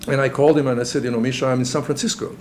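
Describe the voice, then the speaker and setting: A middle-aged man from Serbia, giving a personal testimony in an interview. He talks in a halting, earnest way with many restarts. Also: mid-range voice, fairly even intonation, a little mellow, a little hiss or hum.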